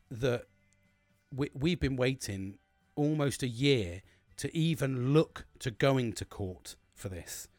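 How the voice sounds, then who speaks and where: A man's voice: medium pitch, no echo. A British man talking candidly to camera in a rambling, heavily sworn monologue that turns emphatic when he gives advice. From United Kingdom. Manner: blunt, sweary and rambling, with frequent restarts; gets emphatic and preachy when giving advice. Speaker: vlogger.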